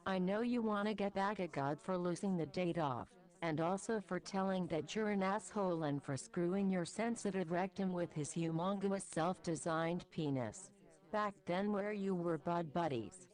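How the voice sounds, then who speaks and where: A woman's voice: lowish voice, moderate pace, darkish tone, close to an everyday voice, rough recording. A woman voicing an earnest, polite grown man speaking to his neighbor, close to her own voice.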